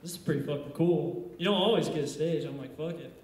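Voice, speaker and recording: Man, stand-up comic, crude rambling deadpan delivery, fairly high voice, heavy bar-room echo. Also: fast talker. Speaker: stand-up comedian. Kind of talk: stand-up set. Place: bar stage at open mic night.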